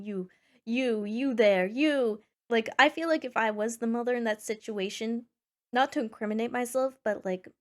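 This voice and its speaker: A young woman streamer reading forum posts aloud and reacting in a sarcastic, animated way, with sudden loud squeals. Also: a little high. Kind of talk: casual reaction chat.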